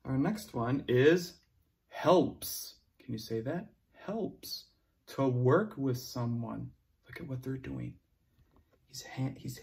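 A man's voice: medium pitch, slow pace, gravelly, a little mellow. A male teacher leading a vocabulary lesson for young children, encouraging them and praising them often.

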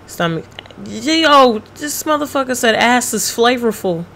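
Brief: woman game streamer, bright edgy tone, blunt and profane, chats with viewers while she plays. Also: on the high side, expressive, unhurried, vocal fry, slight background noise. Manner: reads chat messages aloud and answers them. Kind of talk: casual gaming livestream chat.

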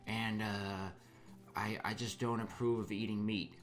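A prim young vegan man talks in a soft, feminine-sounding voice, as a man puts him on in a comic story. He sounds fussy and disapproving. Faint guitar music plays underneath. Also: lowish voice, little pitch movement, measured pace, pitched below the performer's own voice, lightly acted.

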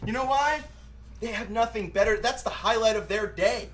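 A man's voice: high voice, normal speed, fairly bright tone. A tipsy man co-hosting a podcast, trading crude jokes and laughing often in rowdy banter. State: tipsy from drinking beer. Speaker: podcast co-host.

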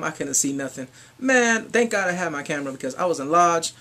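A man giving a casual fan recap vlog, excitable and swinging between whispers and shrieks. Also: on the high side, brisk, few pauses. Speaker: fan vlogger.

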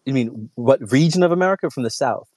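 A man's voice: medium pitch, animated, fast talker, a little mellow, breathy edge, no echo, clean studio sound. A man from New York arguing in a heated debate, cutting in repeatedly to hold the floor and lay out his case step by step. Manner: interrupts with repeated "hold on", argues methodically. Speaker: debate guest.

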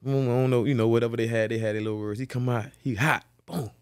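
A man tells a story in a loose, profane, animated way, marking each turn of events with a repeated beat word. His voice sits at a middle pitch. It comes through a close, dry podcast mic. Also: fast, smooth, no room sound. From Florida. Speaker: guest, former football player. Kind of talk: casual storytelling interview.

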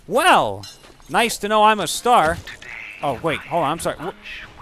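A man giving rambling, profane let's play commentary, yelping loudly whenever the game startles him. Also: high-pitched, sing-song, measured pace, long pauses, slight background noise. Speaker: gaming channel host.

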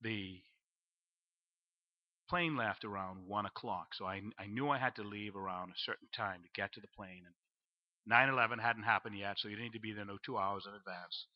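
A man preaching a storytelling sermon in church, acting out his own panic and dropping to a low hush for the voice of God. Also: moderate pace. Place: church sanctuary. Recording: dull lo-fi live stream.

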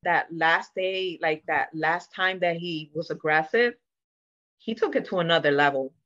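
Bright-voiced woman telling her story earnestly. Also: fairly low pitch, unhurried, highs cut off. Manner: earnest, emotional storytelling, acting out quoted dialogue. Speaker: interview guest. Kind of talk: candid sit-down podcast conversation.

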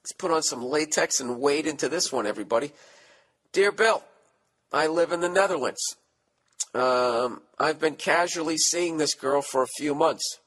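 A man's voice: on the high side, moderate pace, fairly bright tone. A man hosting a comedy podcast, reading listener letters aloud and riffing on them with profane, sarcastic asides. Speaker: podcast host.

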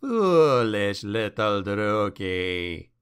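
A mocking ancient demon, deep and unhurried, savoring every cruel word, as a man acts him out. He drawls with heavy menace in a smooth, resonant tone. The gloating never lets up. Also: very animated, fairly bright tone, full character voice.

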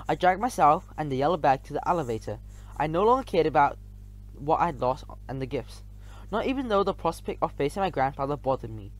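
A man's voice: on the high side, lively intonation, fairly quick. A man reading a first-person children's story aloud, now and then stumbling and restarting words. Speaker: audiobook reader.

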